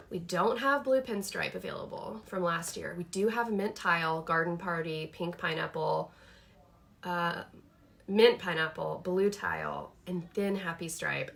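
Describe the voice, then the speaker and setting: Woman host, 30s, bright and chatty, thinking aloud through a casual product chat. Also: fairly low pitch, vocal fry, a little hiss or hum. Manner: chatty, enthusiastic, thinks aloud with many fillers. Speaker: host showing her planner products. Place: home office.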